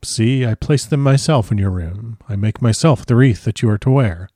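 A man voicing an old foreign professor who speaks grave, broken formal English in a measured way. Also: mid-range voice, warm tone, no room sound, clean studio sound, close to an everyday voice. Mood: gentle. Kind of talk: audiobook character reading.

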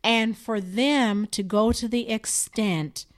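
A woman's voice: fairly high pitch, takes it slowly. A woman co-hosting a casual discussion, talking in an impassioned, emphatic way.

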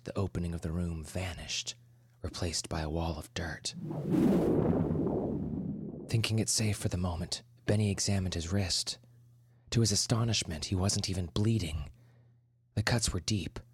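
A man narrating a horror story in a measured, dramatic way, sometimes dropping to a whisper. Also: low-pitched, no room sound, clean studio sound. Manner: measured, dramatic, drops to a whisper for tense moments. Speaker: podcast host and story narrator. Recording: narration over clear music.

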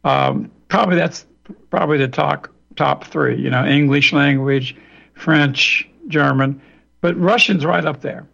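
A radio interview guest from Louisiana, heard over a remote line, lectures in long digressions and keeps restarting. His voice is a little high and somewhat bright, unhurried, with vocal fry. The lo-fi radio audio sounds dull.

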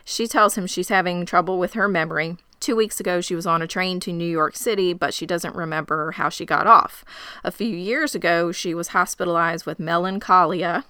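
A woman's voice: on the low side, normal speed, bright, forceful tone, clear, resonant tone, no room sound. A woman co-hosting a podcast, chatting enthusiastically as she recaps a story. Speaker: podcast co-host. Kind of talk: casual recap chat. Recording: very clean, dry close mic.

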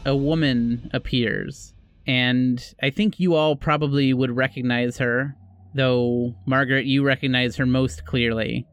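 Gm guy narrating horror scenes, mid voice, slow descriptions. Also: mid-range voice, clean tone. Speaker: game master. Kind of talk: narrating a tabletop horror game. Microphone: podcast microphone.

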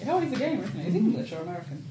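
A playful woman chats and laughs at a game table, her pitch rising and falling freely. The room is echoey, with steady background noise clearly heard. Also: racing. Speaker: player. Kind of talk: casual chat at a game table. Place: room with a group around a table.

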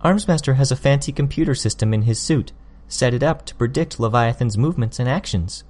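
A man voicing a sly, sharp-tongued teenage girl villain in an audiobook, smug and needling. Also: medium pitch, a little fast, natural voice. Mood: accusing. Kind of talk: audiobook character voice.

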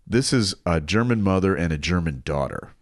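A man's voice: sits low, lively intonation, moderate pace, dry recording, studio quality. A man co-hosting a casual chat, easygoing and agreeable. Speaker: podcast co-host.

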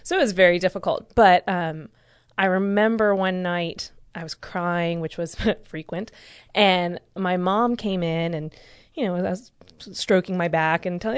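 A woman's voice: on the low side, moderate pace, clean tone, no room sound. A woman in her thirties telling a personal story in a casual group discussion, candid and emotional. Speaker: discussion participant.

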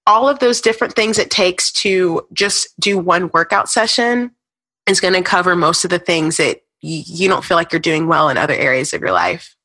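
A woman's voice: lowish voice, moderate pace, sharp tone. A woman fitness coach, a guest on a podcast, talking in an upbeat, motivational coaching way. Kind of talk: casual interview chat.

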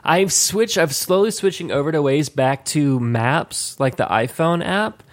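Unhurried and expressive, this man co-hosts a podcast in casual chat, wandering off track with plenty of restarts. His voice is pitched fairly high.

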